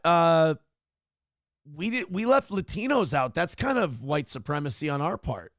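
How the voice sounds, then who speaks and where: A man's voice: a little high, very animated, a little slow, a bit bright, dry recording, clean studio sound. A man hosting a casual live stream, reading chat messages aloud and reacting in a profane, sarcastic, rambling way. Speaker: show host.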